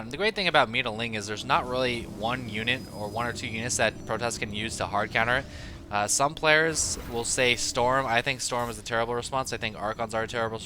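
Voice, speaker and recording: A man giving casual, opinionated commentary on a strategy game he is playing, thinking out loud as he goes. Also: mid-range voice. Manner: analytical, opinionated, loose and chatty. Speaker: player commentating his own match. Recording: steady background noise.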